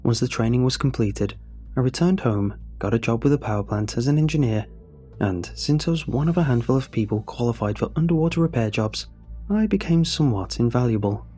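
A young man narrating a scripted horror story in a steady, measured way. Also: mid-range voice, breathy edge. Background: faint music.

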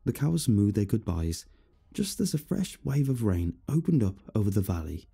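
A man narrating a first-person horror story in a steady, somber manner. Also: deep voice, creaky, husky.

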